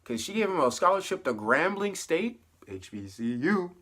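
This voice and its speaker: Animated man recapping a show. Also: a little high, moderate pace. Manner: animated, laughing asides, acts out quoted lines. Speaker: TV show reviewer. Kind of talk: casual spoiler recap.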